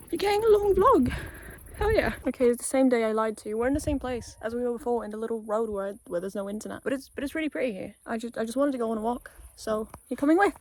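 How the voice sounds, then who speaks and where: A young woman from Poland, a native Polish speaker with British-tinged English, rambles casually and swears as she walks along a quiet rural road, holding her phone. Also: a little high, no room sound. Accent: British-tinged English with a Polish background. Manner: chatty, loose and sweary, with frequent "like" fillers. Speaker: vlogger. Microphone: handheld phone while walking.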